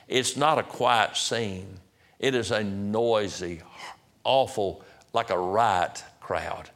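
A man preaching a sermon as pastor, swinging from loud emphatic peaks to hushed, slow drops. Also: medium pitch.

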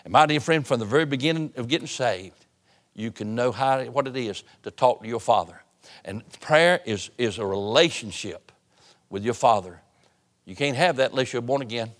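A man preaching a sermon, swinging between loud appeals and hushed tones. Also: medium pitch, expressive, normal speed. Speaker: pastor. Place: church sanctuary.

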